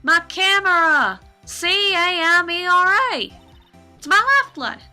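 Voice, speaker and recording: A woman plays a brassy young photographer from a game who hollers in a folksy country drawl. The voice sits very high and bright, cutting and excitable. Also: a little fast, faint music behind, full character voice. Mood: shouting.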